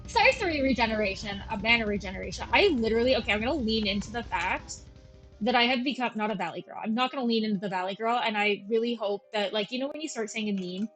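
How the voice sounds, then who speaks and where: A woman's voice: fairly high pitch, a bit bright, rough recording. A woman in her thirties with a Valley Girl voice, rambling and self-deprecating in casual gameplay commentary. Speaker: gameplay streamer. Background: faint game music.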